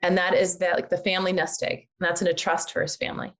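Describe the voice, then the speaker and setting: An older woman chatting as a podcast guest, animated and chatty, with frequent fillers. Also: fairly low pitch, quick pace. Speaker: guest, real estate agent and investor. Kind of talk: casual podcast interview.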